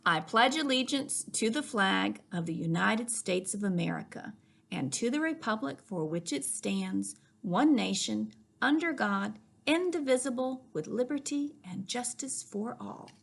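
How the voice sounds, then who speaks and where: A woman's voice: a little high, lively intonation, unhurried, gravelly, a bit bright, exaggerated voice. A woman reading as a patient schoolteacher. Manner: patient, explaining. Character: kindly female schoolteacher explaining patiently. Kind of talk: storybook reading.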